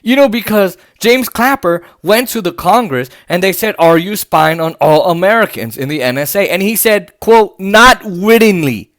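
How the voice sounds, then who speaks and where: A man's voice: high voice, animated, moderate pace, few pauses, no room sound, clean studio sound. A man hosting a political commentary podcast, sarcastic and indignant, reading posts aloud with many fillers and restarts. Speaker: podcast host. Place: home.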